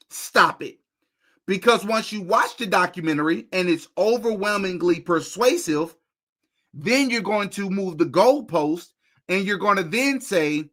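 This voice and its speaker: Guy with a high bright voice, animated podcast host chatting to viewers. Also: unhurried. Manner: animated, talks to viewers directly, repeats phrases while searching. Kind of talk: casual commentary while reacting to a video.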